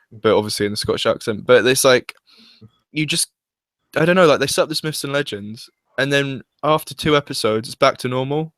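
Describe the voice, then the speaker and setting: A man's voice: medium pitch, a little fast, fairly bright tone, no echo. A young man chatting casually as a fan reviewer, hesitant and full of restarts and fillers. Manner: hesitant, restarts often, uses "like" a lot. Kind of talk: casual chat.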